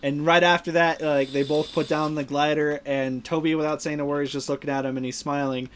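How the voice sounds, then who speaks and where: A young man recaps a film for his podcast, piling scene on scene and jumping into the characters' lines. His voice sits a little high and he swears freely as he gets worked up. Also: a little fast, slight background noise. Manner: excited retelling of scenes, swears, acts out lines. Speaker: podcast host. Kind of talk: casual movie review chat.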